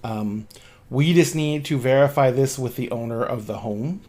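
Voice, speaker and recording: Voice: mid-range voice, normal speed, darkish tone, close to an everyday voice. Give me a polite, bureaucratic police officer, put on by a game master, hesitant and formal.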